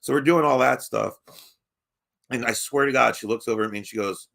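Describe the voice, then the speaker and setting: Gravelly-voiced man telling a rambling story. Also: medium pitch, a little fast, a bit bright. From Baltimore. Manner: rambling, profane, laughs often, many restarts. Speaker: podcast host. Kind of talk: casual storytelling chat.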